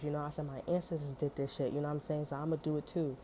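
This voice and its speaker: A woman's voice: sits low, steady tone, very fast, warm tone, slight background noise. A woman telling a story in a casual, heated monologue, swearing often and filling her talk with "you know" and "like". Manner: heated, profane, many fillers.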